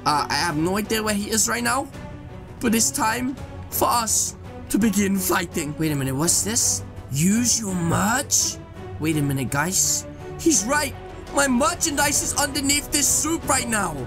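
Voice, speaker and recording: A young man giving excited gameplay commentary as a YouTube host, exclaiming and talking straight to his viewers. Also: sits high, a little slow, music in the background. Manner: hyped, exclamatory, addresses viewers as guys. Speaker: gaming YouTuber.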